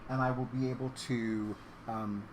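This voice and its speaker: A man's voice: normal speed, noisy background. A man talking casually to his viewers about what has been on his mind lately. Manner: switches to a high animated baby-talk voice when addressing his cat. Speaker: vlogger. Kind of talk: casual vlog talk to camera.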